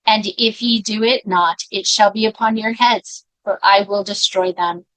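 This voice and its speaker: A woman reading scripture aloud in a measured way, now and then breaking off for quiet personal comments. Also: mid-range voice, steady tone, no echo, rough recording. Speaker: scripture reader.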